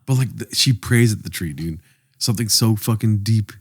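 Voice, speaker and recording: A man's voice: on the low side, moderate pace. A man co-hosting a podcast in casual chat, telling crude, rambling joking stories. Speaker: podcast co-host.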